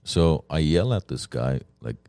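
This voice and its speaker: Very deep-voiced man telling a story. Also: a little slow, vocal fry, dry recording, clean studio sound. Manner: animated storyteller, many fillers and restarts. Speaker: podcast co-host telling a story. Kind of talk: casual storytelling among friends.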